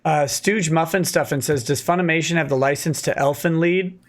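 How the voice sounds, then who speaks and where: A man's voice: fairly high pitch, moderate pace. A man hosting a casual late-night livestream, reading viewer comments aloud and answering them with dry quips.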